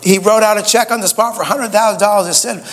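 A man's voice: sits high, fairly even intonation, quick pace, a bit bright, big-room sound. A man preaching a sermon, a folksy storyteller who often stammers and restarts his sentences. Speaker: pastor.

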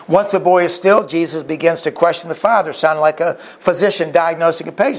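A male preacher with a fairly high, brisk voice vividly retells a story during his sermon, frequently restarting and adding asides along the way.

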